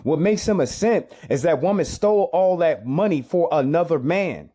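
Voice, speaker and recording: A man's voice: on the high side, lively intonation, moderate pace, dark tone. A man giving reaction commentary on a clip, emphatic and repetitive, often asking rhetorical questions.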